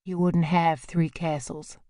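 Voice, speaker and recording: A woman's voice: fairly low pitch, flat delivery, slow, warm tone, no room sound. Woman narrator doing an American stranger, courteous and awkward, dry close sound. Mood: polite. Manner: hesitant, polite, apologetic. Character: tall courteous hesitant American man.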